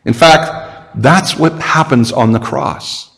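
A man's voice: mid-range voice, slow, gravelly, fairly bright tone, big-room sound, poor audio. A male pastor preaching a sermon, earnest and emphatic, with rhetorical questions.

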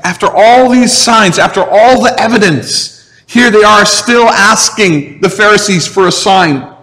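A man's voice: sits high, unhurried, pushed and bright, in a large hall. A pastor in his forties giving a conversational sermon, asking the listeners rhetorical questions. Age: 40s.

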